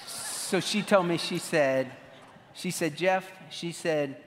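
A man giving a lively talk on marriage to an audience, acting out his own past lines as he tells the story. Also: on the high side, slow, noisy background. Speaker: marriage speaker. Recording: reverberant hall.

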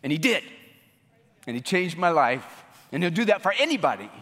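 A man's voice: a little high, big pitch swings, quick pace, a bit bright, long reverb tail. A pastor preaching a sermon, telling a story and then pleading earnestly with his listeners. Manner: earnest, rising to pleading fervor.

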